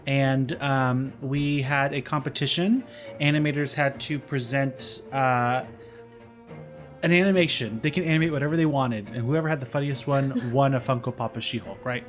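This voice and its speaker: A man's voice: mid-range voice, moderate pace, soft background music. A young man co-hosting a podcast, chatting casually and teasing, with lots of fillers. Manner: joking, teasing, full of fillers. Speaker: podcast co-host. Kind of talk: casual chat.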